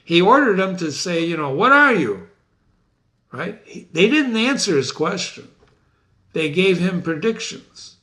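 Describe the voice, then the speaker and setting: A man's voice: sits high, animated, unhurried, fairly bright tone. A man teaching a play, who keeps turning to the listener with questions and rephrases quotes in plain words. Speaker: literature teacher. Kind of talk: lecture on a play.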